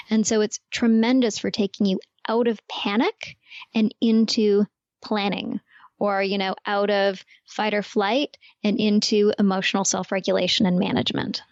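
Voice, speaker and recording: A woman guest on a podcast explains brain science in a clear, patient way and leans on everyday comparisons. Her voice sits mid-range. The recording is dry and a little muffled. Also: mid-range voice, level tone, normal speed, a little mellow, dry recording. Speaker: neuroscientist guest.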